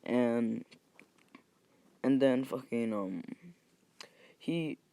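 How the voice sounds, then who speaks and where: A young man rambles through a homemade story, cursing often and backtracking mid-sentence. His voice is gravelly and dark, set close in a dry, dead space. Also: medium pitch, drawn-out words, no echo. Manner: rambling, profane, self-correcting. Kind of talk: casual retelling of a fan story.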